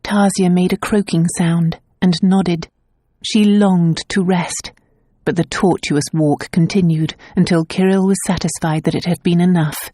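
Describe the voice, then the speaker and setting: A woman narrating a romance novel audiobook in a calm, measured way. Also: fairly low pitch, no room sound, clean studio sound. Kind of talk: scripted narration.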